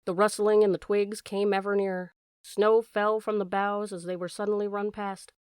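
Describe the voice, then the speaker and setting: A woman reads a classic story aloud in a measured, expressive voice of middle pitch. She is close to the mic in a dry room with no echo. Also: smooth. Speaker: audiobook narrator. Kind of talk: scripted narration.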